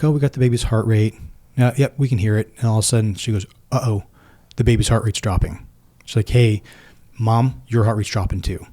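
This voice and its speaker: A man's voice: lowish voice, warm tone. A man in his forties, a military veteran and podcast guest, earnestly retelling a personal story and acting out both sides of each conversation.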